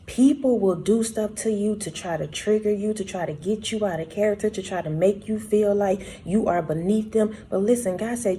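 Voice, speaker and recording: A woman's voice: medium pitch, normal speed, few pauses, warm tone, a little hiss or hum. A woman sharing a prophetic word in a casual, conversational way, speaking straight to her listeners. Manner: conversational, addresses listeners as y'all and baby. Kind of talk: casual spoken devotional.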